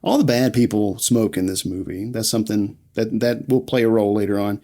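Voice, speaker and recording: A man's voice: fairly low pitch, brisk, mellow. A man raised in the American South, casually recapping a film scene by scene as podcast co-host, laughing often. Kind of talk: casual movie recap chat.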